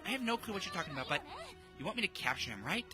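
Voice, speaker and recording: A man streaming a visual novel, reading its text aloud and reacting with excitable, jokey, sometimes sweary comments. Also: high-pitched, very fast, over music, rough recording.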